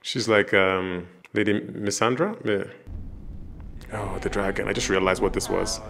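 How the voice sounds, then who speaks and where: A man giving casual reaction commentary, animated and jokey, laughing often and acting out characters in playful voices. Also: low-pitched, unhurried, vocal fry. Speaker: reaction video host.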